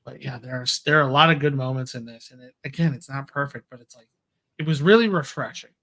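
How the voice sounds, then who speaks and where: A man with an ordinary mid-range voice hosting a relaxed movie podcast. He talks in an eager, chatty way and laughs often. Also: mid-range voice, fairly quick. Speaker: podcast co-host. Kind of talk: casual movie discussion.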